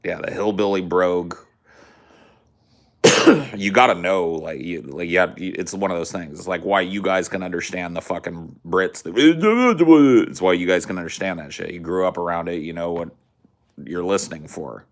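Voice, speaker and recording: A man's voice: low-pitched, steady tone, normal speed. An American man with a mix of country and Californian accent, chatting casually and profanely as a podcast co-host. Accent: mix of rural American and General Californian. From United States. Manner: profane, rambling, puts on mock accents. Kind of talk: casual chat.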